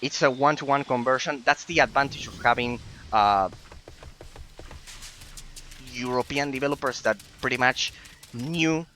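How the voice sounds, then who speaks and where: A man streams a game and muses over its design, his talk full of "uh"s and restarts. His voice is bright and clear. A faint room hum sits behind him. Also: medium pitch, unhurried, pauses often, low-quality recording. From Italy. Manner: musing, analytical, with many fillers. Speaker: gaming streamer. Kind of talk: let's-play commentary.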